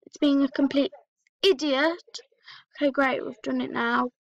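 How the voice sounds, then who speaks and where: Frustrated female vlogger: high voice, slow and drawn-out delivery, rants at her tech and keeps saying sorry to viewers. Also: dry recording, dull audio. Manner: exasperated, ranting at her laptop and apologizing to viewers. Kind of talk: frustrated vlog rant.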